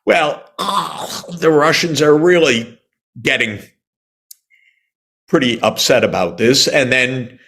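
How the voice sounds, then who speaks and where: A man in his sixties from the United States, answering interview questions in an emphatic, indignant way with sarcastic asides and many pauses. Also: mid-range voice, fairly bright tone. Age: 60s. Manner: frequent "uh" pauses and restarts. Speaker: economist interviewee.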